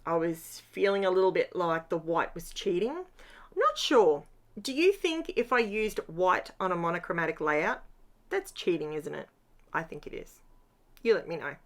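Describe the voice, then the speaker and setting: A middle-aged woman, chatting casually as she narrates her scrapbooking, tired after a long day. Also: on the low side. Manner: chatty, upbeat, rambling asides. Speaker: craft vlogger.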